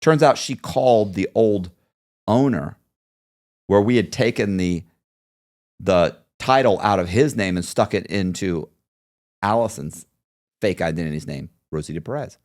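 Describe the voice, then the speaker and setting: Lowish-voiced guy spinning a story on a podcast, slips into other people's voices as he goes. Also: a little slow, long pauses. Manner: lively storyteller who acts out the people he quotes. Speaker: interview guest.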